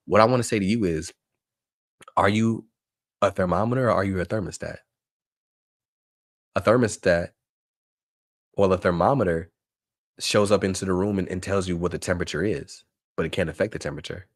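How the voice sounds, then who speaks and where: A man presenting a live online workshop for teachers, talking in an energetic, emphatic way and repeating phrases for effect. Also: low voice, a little fast, pauses often, no room sound, studio quality. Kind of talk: motivational live webinar talk.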